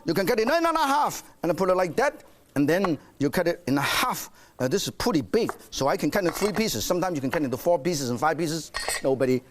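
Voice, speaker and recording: Guy hosting a cooking show, high animated voice bouncing all over, playful, faint sizzle behind him. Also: slight background noise. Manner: animated and playful, coaxing the audience. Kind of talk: cooking demonstration. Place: studio kitchen.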